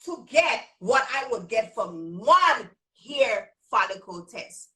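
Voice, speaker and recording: A woman's voice: high-pitched, expressive, a little slow, few pauses, sharp tone, low-quality recording. A woman business trainer hosting a live coaching talk with a Virgin Islands accent, repeating her points emphatically and calling her listeners y'all. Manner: emphatic and repetitive, drilling points home; folksy, addresses listeners as y'all.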